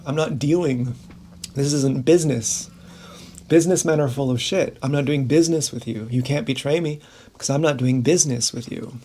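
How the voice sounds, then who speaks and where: A man's voice: medium pitch, moderate pace, dark tone. A man vlogging in a frank, rambling monologue to camera, swearing freely and laughing often.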